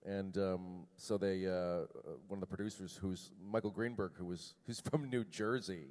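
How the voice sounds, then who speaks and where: A middle-aged man from Canada, answering fan questions on a convention panel in a joking, self-deprecating way, with halting fillers. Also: deep voice, fairly even intonation, darkish tone. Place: large convention hall. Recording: long hall reverb.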